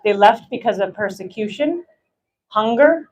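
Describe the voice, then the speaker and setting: A woman's voice: medium pitch, expressive, unhurried, a little hiss or hum, low-quality recording. An American woman giving an impassioned rally speech, emphatic and building through repetition. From United States. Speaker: rally speaker.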